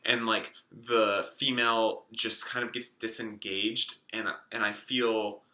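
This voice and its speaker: A man's voice: lowish voice, little pitch movement, slow pace, bright, forceful tone, echoey room. A man in his late twenties explaining a self-help topic in a casual, rambling way, full of fillers and restarts. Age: 20s. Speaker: self-help video host.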